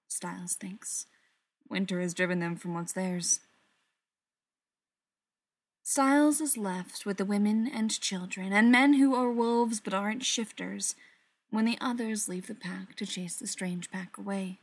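Woman, story reader, soft voice, slips into whispers. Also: mid-range voice, a little slow, no echo. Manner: soft, often drops into a whisper. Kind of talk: reading a story aloud.

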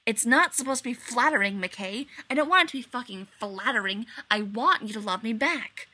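Woman reading flustered male colonel, snappy and defensive, bright voice. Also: high-pitched, very animated, measured pace, pitched above the performer's own voice, exaggerated voice. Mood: pleading. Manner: snappish, exasperated, voice rising in protest.

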